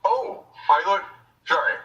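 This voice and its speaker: A man playing a tabletop game in a playful, animated way. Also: unhurried, dull audio. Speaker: player. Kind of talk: casual tabletop play. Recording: distant with faint music.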